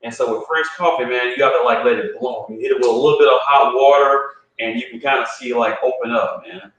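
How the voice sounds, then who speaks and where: A male coffee roaster on a remote call, calmly walking through a brewing demo step by step and saying "man" a lot. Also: mid-range voice, fast, dull audio. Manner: laid-back, explains step by step, says "man" a lot. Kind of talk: casual chat and brewing demo. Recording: echoey room far from the mic.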